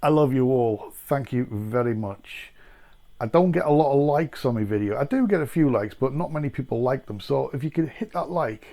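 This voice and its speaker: This food vlogger has a warm, medium-pitched voice with lively intonation and normal speed. Chatting casually during a taste test, he rambles and leans on many ums and uhs.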